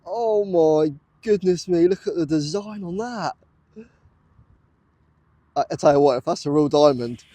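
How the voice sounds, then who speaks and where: A man's voice: on the high side, a little slow, pauses often, dark tone, no room sound. A British man vlogging outdoors in a muddy field while metal detecting, breathless and awestruck, repeating exclamations as he talks to his viewers. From United Kingdom. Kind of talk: excited outdoor vlog commentary. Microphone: camera on a tripod.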